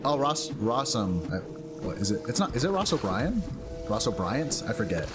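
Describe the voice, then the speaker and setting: A man's voice: medium pitch, very animated, moderate pace. A man streaming a game, chatting casually and rambling with lots of fillers. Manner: rambling, filler-heavy, thinks aloud. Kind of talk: casual gameplay commentary. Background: game music.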